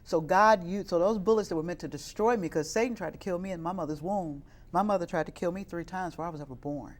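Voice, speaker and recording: A woman's voice: lowish voice, fast talker, darkish tone. Woman, middle-aged, from Chicago, youth minister, interview guest, earnest, preacher's fervor. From west side of Chicago. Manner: earnest, rises into fervent preaching. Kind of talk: interview testimony.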